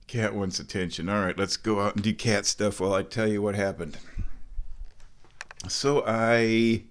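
A man's voice: fairly low pitch, unhurried. A man vlogging at home, telling a meandering everyday story in a casual, chatty way while walking between rooms. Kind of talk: rambling casual vlog chat.

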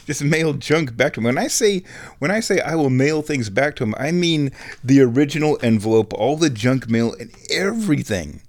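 A man around fifty talks through a loose solo monologue from his home, rambling from one gripe to the next. His delivery is wry and dry, and he chuckles at his own jokes in a voice of ordinary middle pitch. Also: animated, moderate pace. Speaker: podcast host.

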